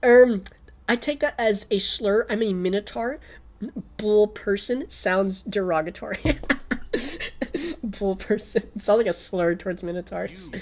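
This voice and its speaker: A woman's voice: medium pitch, unhurried, a little mellow. A young woman streaming casually, rambling with a Valley Girl lilt and constant "like", her throat a little sore. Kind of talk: casual livestream chat.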